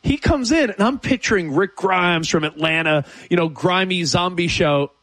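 A man co-hosting a sports talk radio show, telling a story in a lively way. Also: sits high, moderate pace, dry recording. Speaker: radio co-host. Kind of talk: casual sports radio banter. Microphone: studio mic.

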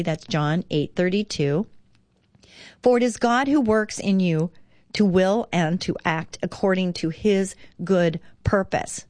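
A woman's voice: lowish voice, darkish tone, no room sound. A middle-aged woman hosting a devotional talk show, reading and reflecting in an earnest, encouraging way that rises with emphasis. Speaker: radio show host.

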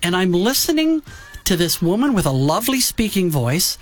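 A man co-hosts a music talk show with a high-pitched voice. He talks excitedly and throws in wry jabs. The sound is close and dry, with no room around it. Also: moderate pace, dry recording. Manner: enthusiastic, wry and teasing. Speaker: podcast host. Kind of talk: casual chat.

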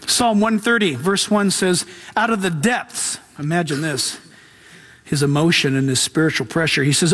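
A man with a notably high voice preaches to his congregation. He talks in a relaxed, animated way, full of slang and quick asides. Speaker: pastor. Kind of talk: sermon.

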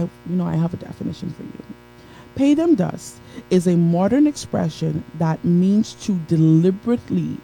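A woman delivers a motivational talk on a live stream, with a rich, very dark and mellow tone. She is emphatic and preachy, circling back to her key phrases. She breaks off now and then to greet viewers by name. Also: on the low side, rough recording.

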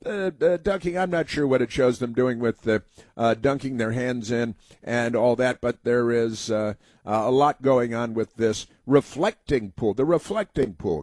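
A man's voice: medium pitch, darkish tone, no echo. Rambling, sneering talk-show man. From United States. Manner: rambling, halting, heavy with fillers; sneering and sarcastic. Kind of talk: political opinion monologue.

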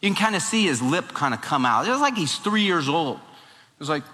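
A male preacher telling a Bible story in a folksy, animated sermon style. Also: a little high, brisk, in a large hall.

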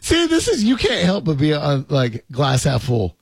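A man's voice: on the high side, huge pitch swings, moderate pace, vocal fry, slightly rough, no room sound. A man hosting a podcast in a jokey, rambling casual chat, laughing often. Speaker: podcast host.

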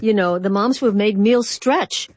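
A woman's voice: medium pitch, moderate pace, no room sound. Playful woman radio host. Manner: playful, chatty. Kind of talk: casual radio chat.

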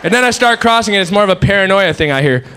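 Rambling stand-up man, high voice. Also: lively intonation, rapid-fire, pushed and bright, smooth, a faint crowd. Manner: rambling, self-mocking storytelling. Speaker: stand-up comedian. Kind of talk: stand-up comedy set.

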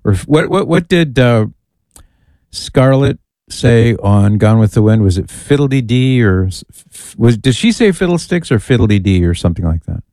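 A man's voice: mid-range voice, very animated, normal speed, mellow, dry recording. A man hosting a radio call-in show, bantering dryly with his co-host and teasing him. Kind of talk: casual on-air banter.

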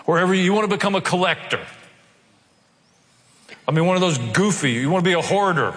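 A pastor preaching a sermon, emphatic and conversational, repeating key phrases. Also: male voice, medium pitch, a bit bright. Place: large church hall. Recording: long hall reverb.

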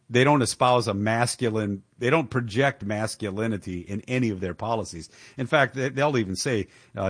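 A man's voice: fairly low pitch, breathy edge, no room sound, studio quality. A man hosting a talk radio show, giving indignant, emphatic political commentary with the odd chuckle.

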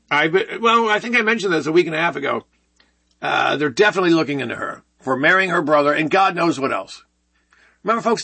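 A man's voice: sits high, bright, forceful tone, husky. A man hosting a talk radio show, joking and rambling in a sarcastic way.

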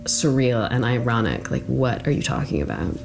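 A woman being interviewed, recalling her experience in a casual, conversational way, full of "like"s and hushed asides. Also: a bass voice, big pitch swings, moderate pace, creaky, a little hiss or hum. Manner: conversational, many "like"s, hushed when quoting herself. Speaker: interviewee recounting her story. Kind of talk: casual personal recollection.

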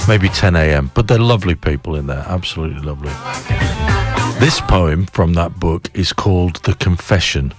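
A chatty man hosting breakfast radio, rambling and enthusiastic as he reads verse aloud. His voice is very low. Faint music plays under him. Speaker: radio breakfast show host. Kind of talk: casual radio chat and poem reading.

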